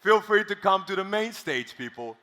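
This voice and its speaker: High-voiced lively male event host. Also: moderate pace, a little hiss or hum. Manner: energetic, playful crowd banter. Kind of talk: live stage hosting. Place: large conference hall. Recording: long hall reverb.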